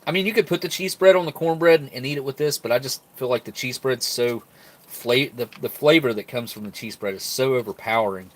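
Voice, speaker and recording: A man's voice: medium pitch, a little hiss or hum. A man hosting a casual live-stream food review, rambling and laughing often while he talks with his mouth full.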